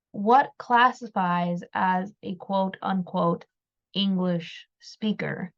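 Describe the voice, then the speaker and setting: A woman giving reflective opinion commentary, measured and thoughtful, sometimes repeating words as she thinks. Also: medium pitch, lo-fi sound. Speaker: commentary video host.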